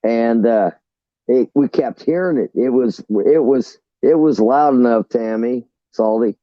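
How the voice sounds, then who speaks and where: Over a dull, lo-fi, dry line, a male caller with a mid-range voice speaks at a measured pace. He's telling a long, rambling, profane story on a call-in talk show, stumbling over his words and restarting often.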